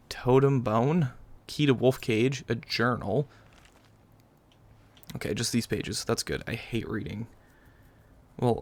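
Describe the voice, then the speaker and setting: A man hosting a casual gaming video, chatting in a sarcastic, rambling way while he plays. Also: mid-range voice. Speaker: gaming channel host. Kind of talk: casual let's-play commentary.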